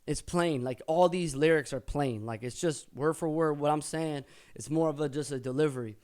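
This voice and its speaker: Smooth-voiced man casually breaking down lyrics. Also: a little high, normal speed, a little mellow. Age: older than he was. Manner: casual, profane, thinks aloud and corrects himself. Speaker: rapper breaking down his own lyrics. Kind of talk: casual explanation with rapped excerpts.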